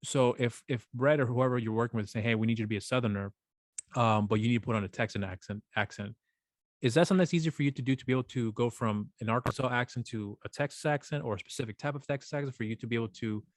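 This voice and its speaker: A man's voice: mid-range voice, quick pace, no echo, studio quality. A male podcast host asking long, rambling questions full of restarts. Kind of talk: casual interview.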